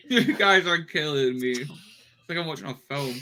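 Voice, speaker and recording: An excitable man on a podcast who swears freely and laughs loudly as he chats. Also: a little high, normal speed. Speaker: podcast co-host. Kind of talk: casual chat.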